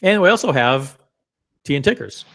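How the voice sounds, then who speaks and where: A middle-aged man hosting a live stream, excitable and rambling, with many fillers and some swearing. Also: fairly high pitch, normal speed. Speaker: host. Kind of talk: casual live-stream chat.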